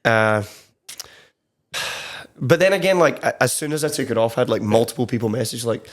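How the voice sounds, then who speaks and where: A man's voice: mid-range voice, animated, fairly quick. Chatty young Scottish man. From Scotland. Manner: rambling, swears casually, lots of "like". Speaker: guest, country songwriter. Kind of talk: casual interview chat. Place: studio.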